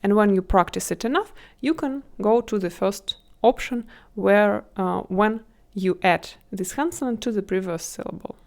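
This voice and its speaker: A woman's voice: medium pitch, moderate pace. A woman teaching a language lesson, patiently breaking words into syllables. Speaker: Russian language tutor.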